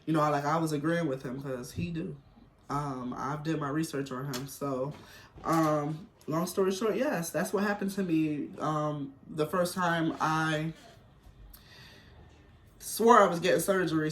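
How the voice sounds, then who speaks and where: A middle-aged man chatting through a personal story, wandering and loose, full of slang and filler words. His voice sits a little high for a man. The room around him is echoey, with a faint hum in the background. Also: fairly bright tone. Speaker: vlogger. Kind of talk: casual storytelling chat. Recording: roomy echo.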